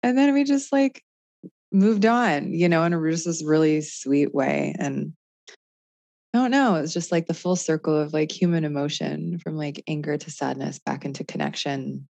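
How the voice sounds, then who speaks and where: Low mellow-voiced woman, reflective. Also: normal speed, no echo. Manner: reflective, thinks aloud with frequent fillers. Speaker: podcast co-host. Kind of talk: casual conversation.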